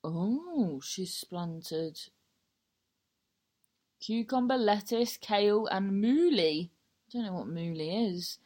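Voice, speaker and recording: A woman from Cornwall with a Cornish accent hosts a casual podcast. She rambles from one thing to the next, swears a lot and laughs at herself. Her voice sits at a middling pitch. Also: lively intonation, unhurried, a little mellow. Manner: chatty, sweary, rambling and self-mocking. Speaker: podcast host.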